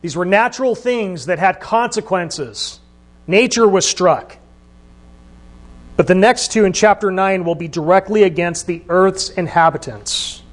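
A man's voice: high voice, unhurried. A man preaching a sermon, talking in a conversational way and asking the listeners questions. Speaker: pastor.

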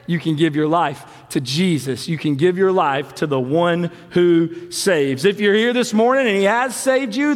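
A man preaching a sermon as pastor, with impassioned delivery that swings between rising emphasis and hushed, slow drops. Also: high-pitched, big-room sound. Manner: impassioned preaching with dramatic pauses and soft drops. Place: church sanctuary.

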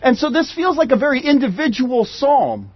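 A man's voice: extremely high pitch, sing-song, moderate pace, no room sound, dull audio. A man preaching a sermon as pastor, earnest and conversational, often restarting his phrases.

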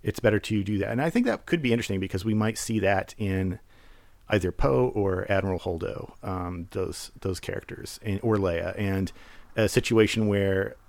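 A man's voice: sits low, normal speed, gravelly, darkish tone, no echo. A man hosting a podcast, talking through a film in casual solo commentary, rambling with many fillers and restarts. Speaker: podcast host.

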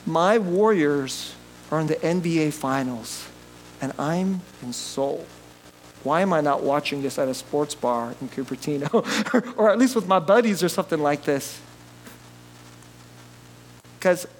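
A male pastor delivers a sermon in a high, bright-sounding voice. He jokes with the congregation, laughs easily and moves from excited outbursts to soft, low asides. A faint hum sits under the recording. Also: poor audio. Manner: animated and jokey, laughs often, swings from loud bursts to quiet asides.

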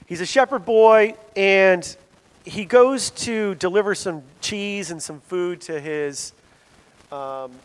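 A man preaching a sermon in a conversational, animated storytelling manner, in a church hall. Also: high voice, slow, clear, resonant tone. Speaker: pastor. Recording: long hall reverb.

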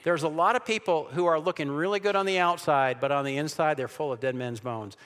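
A man's voice: a little high, a little fast, a bit bright, smooth. A man giving a preached talk to an audience, emphatic, with sarcastic asides, rhetorical questions and frequent restarts. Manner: frequent restarts and repeated words. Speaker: Christian speaker on evangelizing. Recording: long hall reverb.

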